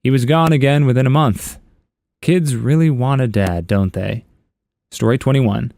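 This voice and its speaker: A man of middle pitch reads a run of short internet stories aloud, chuckling now and then and slipping in wry little asides. He is recorded on a close mic in a dry, dead space. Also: moderate pace, vocal fry, a little mellow, dry recording. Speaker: story narrator.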